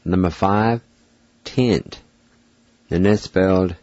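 A man hosting a radio language lesson, spelling each word out letter by letter and repeating it slowly. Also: on the low side, a little mellow, dry recording, highs cut off. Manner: deliberate, spells out words letter by letter and repeats them. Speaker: radio show host teaching language. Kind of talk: slow spelling and pronunciation lesson.

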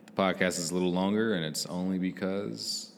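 A man with a very low voice co-hosting a podcast. He talks in a laid-back way, swears freely and laughs often. There is a faint hiss behind him. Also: steady tone, brisk, gravelly. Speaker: podcast co-host. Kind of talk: casual chat.

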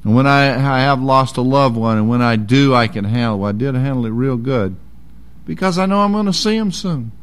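A man's voice: medium pitch, expressive, fairly quick. A man preaching a sermon in a folksy, emphatic way.

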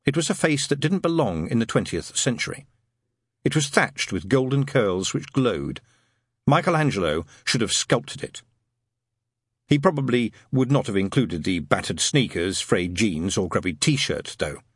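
A man narrating a comic novel as an audiobook, wry and expressive, switching into character voices. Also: fairly low pitch, moderate pace, husky, dry recording, clean studio sound.

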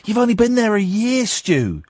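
A man hosting a late-night radio talk show, mocking a listener with slow, drawn-out jabs. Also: high voice, big pitch swings, crowd noise.

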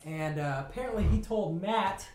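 A young man casually telling a story in a lively way, acting out what people said. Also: high-pitched, normal speed. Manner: animated, laughing, acts out quotes. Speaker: podcast co-host telling a story. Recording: echoey room.

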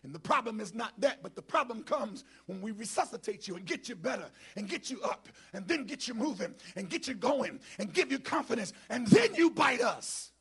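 A middle-aged man preaches as a bishop, his high voice rough and husky. He trades call and response with the congregation. He drifts between quiet, mumbled asides and loud, shouted passages. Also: expressive, fairly quick, few pauses. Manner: swings from low muttered asides to shouted preaching. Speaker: bishop preaching as guest speaker. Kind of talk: black church sermon with call and response. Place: church sanctuary with congregation.

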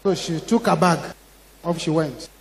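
Give me a Ghanaian man preaching with dramatic, shouting delivery, reverb all around. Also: on the high side, moderate pace, slight background noise. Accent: Ghanaian English. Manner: dramatic storytelling, acts out quoted voices, rising to shouts. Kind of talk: sermon. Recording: long hall reverb.

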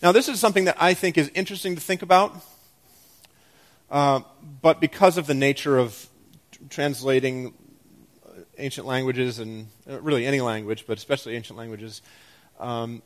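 A man preaching a sermon as a pastor, with an animated, self-deprecating delivery that moves between loud excitement and quiet emphasis. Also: medium pitch.

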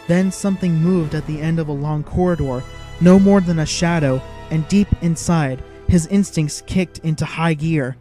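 A man's voice: on the high side, moderate pace, warm tone, faint music behind. A man giving dramatic, vivid scripted narration of an audiobook.

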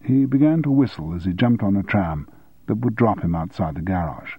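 A man narrating an audiobook in a measured, even storytelling manner. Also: low voice, slightly rough, no echo, muffled recording.

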